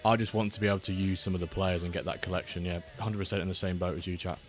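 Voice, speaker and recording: A man hosts a live watchalong in a relaxed, rambling way, chatting to viewers and reading their messages aloud. His voice sits on the low side. Quiet guitar music plays in the background. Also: racing. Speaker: streamer hosting a watchalong. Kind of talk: casual live-stream chat. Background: faint background music.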